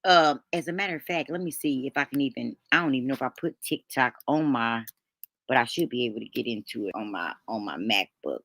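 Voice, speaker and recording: A woman's voice: extremely low pitch, fairly quick, fairly bright tone, no room sound, clean studio sound. A middle-aged woman hosts a casual live stream, calling viewers honey and baby, with folksy slang and lots of restarts.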